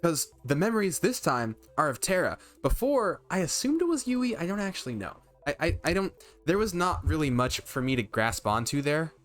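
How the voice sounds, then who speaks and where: A streamer chatting casually and thinking out loud while playing a visual novel. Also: medium pitch. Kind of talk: casual game commentary.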